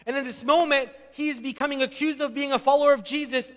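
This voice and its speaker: Man, pastor, very high voice, preaching a sermon, lively storytelling, long hall reverb. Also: fast talker, hardly any pauses. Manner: animated storytelling, acting out voices.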